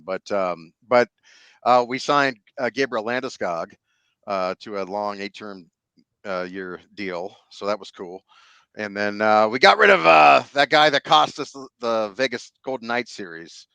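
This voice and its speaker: A man who hosts sports radio, chatting casually on a podcast and telling self-mocking stories in an animated way. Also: fairly low pitch, normal speed, vocal fry, smooth, no room sound. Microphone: studio microphone.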